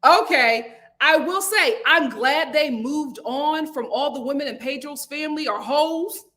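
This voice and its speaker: A young adult woman hosting a live reality TV review from home, chatting animatedly and reading viewer comments aloud. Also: a little slow. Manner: chatty and animated, jumps to high-pitched exclamations and acted quotes. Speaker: host. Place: home room, lit by a window.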